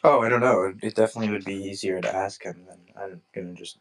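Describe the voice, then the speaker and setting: A man with a lowish voice talks through his points in a relaxed, meandering way. He stacks up hypothetical examples, restarts his sentences, and fills the gaps with ums and you-knows. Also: fast talker. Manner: rambling, many restarts and fillers. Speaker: podcast host. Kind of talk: casual discussion.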